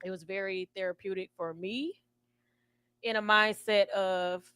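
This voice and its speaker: A woman's voice: medium pitch, steady tone, unhurried, a bit bright, clear, resonant tone, no room sound. A woman hosting a radio talk show, chatty and emotional, laughing often. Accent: Southern US. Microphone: studio microphone.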